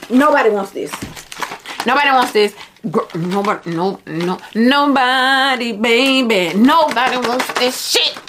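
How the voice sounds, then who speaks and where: A young woman talking to her viewers in a casual vlog, blunt, profane and animated. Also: mid-range voice, slight background noise. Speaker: vlogger.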